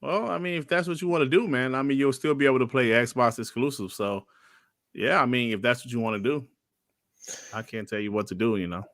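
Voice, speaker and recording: A man guesting on a podcast, easygoing and quick to laugh in casual chat. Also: medium pitch, fairly bright tone, no echo, clean studio sound.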